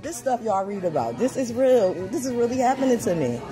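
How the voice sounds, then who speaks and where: Casting note: woman, higher pitch with wide swings, indignant and loud, filming on her phone in a store, clear background music playing. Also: sing-song, fairly quick. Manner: loud, indignant, exclaiming to bystanders. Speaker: customer filming a confrontation. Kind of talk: live phone recording of a dispute. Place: indoor retail store. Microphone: phone camera held by the speaker.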